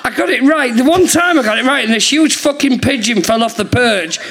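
A man's voice: very high voice, animated, a little fast, a bit bright. A man telling rambling stories in casual chat on a theatre stage, laughing often. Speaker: guest comedian. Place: theatre stage before a live audience.

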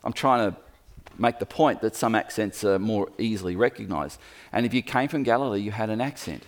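Animated male preacher telling a story. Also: on the low side, brisk. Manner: lively storytelling, acts out quoted voices; speaks to the room, pointing at a map. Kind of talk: sermon.

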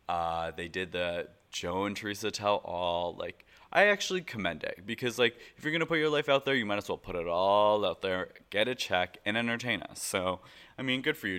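Guy doing a reality tv recap, bright lowish voice, super excitable, says like a lot. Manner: excitable, gushing, full of "like" fillers. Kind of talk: casual recap commentary.

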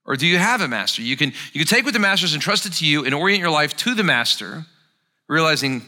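A male pastor preaching a sermon, expressive and dramatizing the scripture as he explains it. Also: a little high, quick pace.

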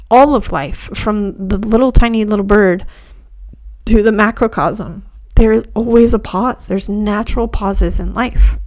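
A woman hosting a reflective spiritual podcast, talking softly and unhurriedly, often dropping to near whispers. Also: medium pitch. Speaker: podcast host.

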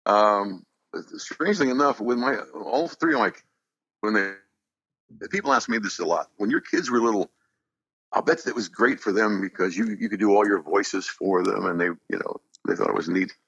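An older man chatting as an interview guest, low and gravelly with a slightly husky edge. He talks in an easygoing, self-deprecating way, his pitch moving freely as he tells stories. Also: expressive, moderate pace, a bit bright, no room sound, highs cut off. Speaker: voice actor guest. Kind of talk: casual interview chat.

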